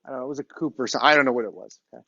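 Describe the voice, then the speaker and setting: A middle-aged man lectures at a university, racing through a chatty story in a mid-range voice that's pushed, bright, and touched with vocal fry. He asks "okay?" again and again, and the muffled recording has no echo.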